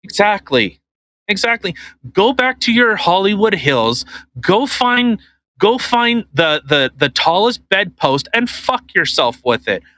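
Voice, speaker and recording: A Canadian man co-hosts a podcast, ranting casually and animatedly with heavy swearing and mocking put-on voices. His voice is high-pitched and unhurried, in a low-quality recording with no room sound.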